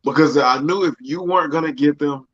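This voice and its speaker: A man co-hosting a livestream in casual chat, laid-back and quick to laugh. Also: fairly high pitch, breathy edge, lo-fi sound. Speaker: co-host.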